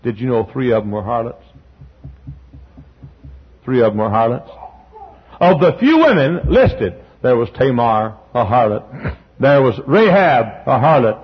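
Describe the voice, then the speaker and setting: A male pastor preaching an impassioned sermon in a church, swinging from soft to loud and breaking into hymn lines. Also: medium pitch, very animated, measured pace, long pauses, breathy edge, dull audio. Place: church sanctuary.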